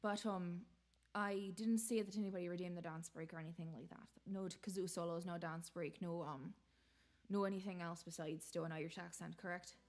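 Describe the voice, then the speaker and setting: A woman's voice: lowish voice, fairly even intonation, brisk, a little mellow. A woman hosting a live-streamed variety show, chatting casually and bantering in a rambling way.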